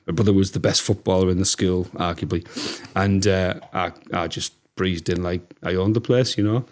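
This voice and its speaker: A man in his thirties with a Teesside accent, telling lively stories as a podcast guest and acting out what people said. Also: low-pitched, normal speed. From Teesside, England. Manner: chatty, animated storyteller who acts out quotes. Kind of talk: casual storytelling chat.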